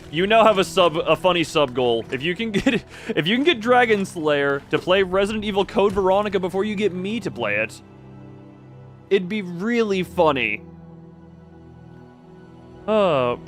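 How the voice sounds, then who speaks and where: A man's voice: high-pitched, animated, normal speed, soft background music. A man streaming a game, chatting casually and rambling to his chat, often stopping himself mid-sentence. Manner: rambling, self-interrupting, talks to chat and to himself. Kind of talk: casual live-stream chat while playing.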